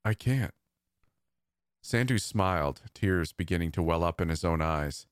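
A man narrating a first-person horror story in a steady, measured, tense reading. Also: low-pitched, smooth, no room sound, studio quality.

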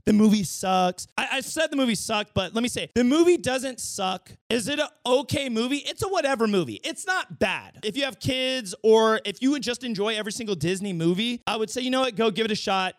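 A man hosting his podcast, giving a casual, animated movie review with swearing, his voice getting hoarse. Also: very high-pitched, quick pace, few pauses, dry recording, studio quality. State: losing his voice. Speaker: podcast host.

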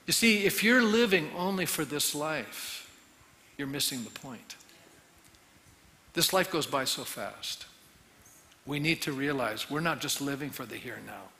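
A man's voice: mid-range voice, sharp tone. A man preaching a sermon as pastor, earnest and pleading, his volume rising and falling. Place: church sanctuary. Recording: long reverb of a large hall.

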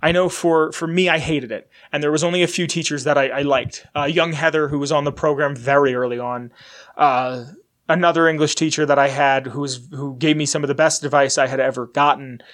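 A man in his twenties hosts a podcast, rambling candidly and swearing casually as he chats. His voice sits on the high side and sounds a bit bright, moving fairly quickly with fairly even intonation.

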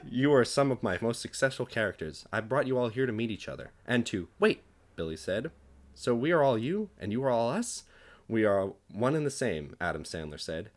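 A man's voice: medium pitch, big pitch swings, brisk. A young man, a podcast co-host, reading his comedic fan fiction aloud, acting out the dialogue and laughing at his own jokes.

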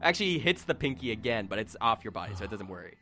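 A man's voice: lowish voice, very animated, very fast, sharp tone. A man narrating as game master in a tabletop game, dramatic and playful.

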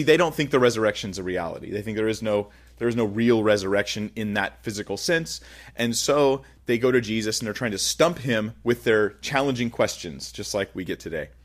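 A man preaching a sermon, teaching verse by verse from scripture with animated, rising and falling emphasis. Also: medium pitch, a little fast. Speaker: pastor.

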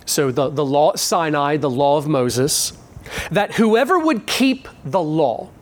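A pastor walking a congregation through scripture in a morning sermon. The voice sits at an ordinary middle pitch and drops into slow, deliberate stretches to land key words, then circles back to restate each point a second and third way. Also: lively intonation. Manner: slows down sharply to stress key words and phrases; restates points in repeated phrasing. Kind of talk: expository sermon.

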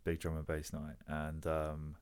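A man hosting a casual chat, telling a lively story and swearing freely. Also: extremely low pitch, a little slow, clear, resonant tone.

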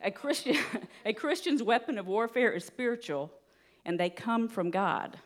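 A woman giving a sermon in an earnest, steady teaching manner, with light laughs now and then. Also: on the high side, normal speed. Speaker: preacher.

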